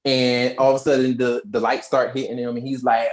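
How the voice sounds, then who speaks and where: Low-voiced woman recapping a movie. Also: a little fast, hardly any pauses. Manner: animated storytelling, slangy, acts out quotes. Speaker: podcast co-host. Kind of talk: casual movie recap chat.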